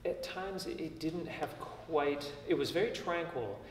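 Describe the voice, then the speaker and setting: A man with a voice on the high side teaches a violin master class, speaking expressively and unhurriedly as he offers constructive feedback and restarts his thoughts often. The audio is very noisy, picked up from far off by a room mic in an echoey indoor concert hall, with violin and piano playing behind him.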